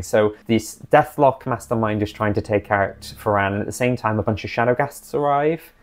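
A man recapping his tabletop campaign as dungeon master, in a chatty, animated way. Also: mid-range voice.

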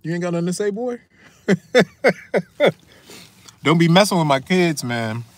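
A high-pitched, talkative vlogger from Newark, New Jersey speaks in an unhurried, sing-song way, chewing as he addresses viewers directly. It's a casual food vlog, and he's slightly sniffly. He's out in a windy parking lot, where faint wind can be heard.

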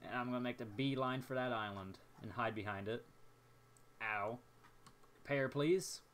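Young male gameplay commentator, mid-range voice; excitable, self-mocking running chatter. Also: mid-range voice, moderate pace, a little hiss or hum. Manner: excitable, jokey, talks to himself while playing.

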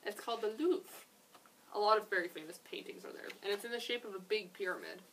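A young woman, a children's librarian, reading a picture book aloud in a gentle, expressive way with chatty asides. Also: medium pitch, fast, recorded from a distance, slight background noise, poor audio.

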